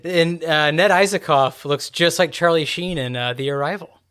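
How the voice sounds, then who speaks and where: A man's voice: on the high side, moderate pace, a bit bright, clean tone. A young man rambling and hesitating as he chats casually on a podcast. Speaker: podcast co-host. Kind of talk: casual chat.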